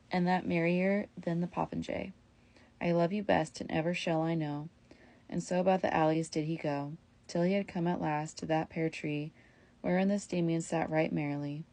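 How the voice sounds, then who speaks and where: Woman, reading verse aloud, gravelly fry, dark mellow tone, measured pace. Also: low-pitched. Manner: steady, measured storytelling. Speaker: reader.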